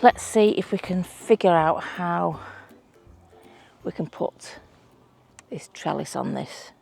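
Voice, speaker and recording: Chatty Manchester woman with gravelly voice. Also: on the low side, unhurried, darkish tone, faint music behind. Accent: Manchester English. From England. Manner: chatty, self-deprecating, thinks aloud while doing DIY. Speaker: allotment gardening vlogger. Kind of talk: casual vlog narration while working. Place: outdoor allotment garden.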